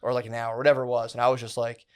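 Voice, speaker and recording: A man's voice: medium pitch, completely flat delivery, rapid-fire, smooth. A man in his thirties co-hosting a podcast, telling a long rambling story in casual chat, full of "dude" and "like". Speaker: podcast co-host.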